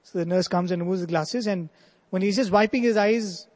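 High-voiced storyteller in a hall. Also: male voice, a little fast, darkish tone. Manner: earnest, emphatic storytelling. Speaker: spiritual speaker. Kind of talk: devotional storytelling talk.

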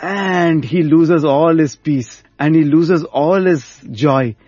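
A man telling a spiritual story in an animated way during a conversation. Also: on the high side, slow pace, no room sound. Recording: dull dry sound.

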